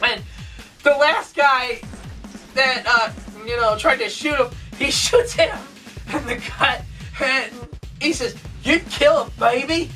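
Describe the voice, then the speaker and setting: A woman giving a casual movie review, retelling scenes excitedly with swearing, sound effects and laughter. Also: high-pitched, slow, long pauses, distant mic, faint music behind, poor audio.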